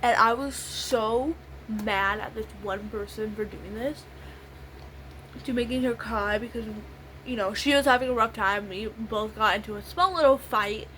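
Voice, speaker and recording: A woman's voice: fairly high pitch, measured pace, fairly bright tone, a little hiss or hum, poor audio. A young woman vlogger telling a long story in a rambling, casual way while doing her makeup, repeating the same little phrases. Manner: rambling, repeats "literally" and "I was like".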